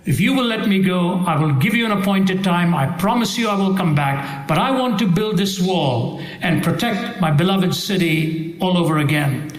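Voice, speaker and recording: A man's voice: high-pitched, normal speed, few pauses, reverberant, lightly acted. A preacher voicing an earnest, grieving ancient man. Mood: pleading.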